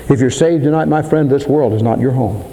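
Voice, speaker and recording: An older man preaching a dramatic sermon in a church, swinging between soaring emphasis and low asides. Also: a little fast, warm tone, slight background noise. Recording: long hall reverb.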